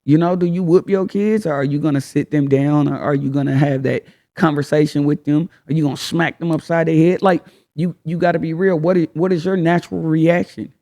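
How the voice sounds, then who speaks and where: A man's voice: fairly high pitch, steady tone, fairly quick, dark tone. A man hosting a casual advice talk, speaking frankly in slang and firing off rhetorical questions. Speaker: host.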